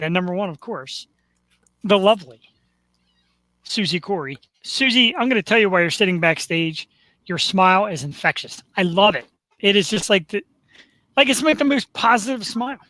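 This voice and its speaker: Bright dry-voiced joking male host. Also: high voice, animated, moderate pace, pauses often, dry recording. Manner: joking, self-deprecating, announcer-like. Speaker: talk show host. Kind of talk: live online talk show.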